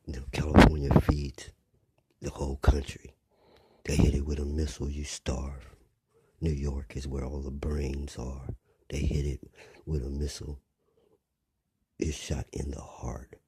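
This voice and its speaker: An older man delivering a blunt, rambling monologue, often dropping to a rough whisper. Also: a bass voice, level tone, a little slow, long pauses, mellow, dry recording. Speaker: commentator. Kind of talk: preachy monologue.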